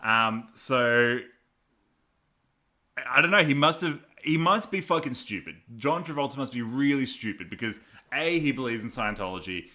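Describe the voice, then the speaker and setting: Bright-voiced man in sardonic movie chat. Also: mid-range voice, animated, moderate pace. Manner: sardonic, laughs often, breaks into mock voices. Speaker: podcast co-host. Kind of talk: casual movie review chat.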